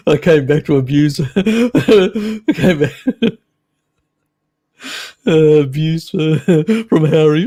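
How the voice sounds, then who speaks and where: A man's voice: on the high side, expressive, drawn-out words, pauses often, mellow, breathy edge. A man hosting a casual live stream, chatting with viewers in a teasing, cheeky way and laughing often.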